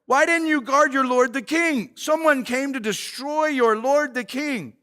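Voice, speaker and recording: A pastor acting out a young man who shouts scolding words across a valley at a bodyguard. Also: extremely high pitch, a little fast, pitched above the performer's own voice. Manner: loud, scolding.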